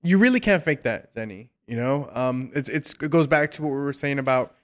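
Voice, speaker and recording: Smooth-voiced male interview host. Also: mid-range voice, animated, a little fast. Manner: warm praise, frequent fillers and repeated words. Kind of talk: casual interview chat.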